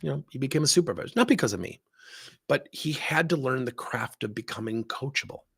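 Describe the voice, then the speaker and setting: A man's voice: medium pitch, fairly quick, husky. A man giving a leadership talk, telling a story and acting out both sides of a conversation. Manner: animated storyteller acting out dialogue. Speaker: leadership speaker.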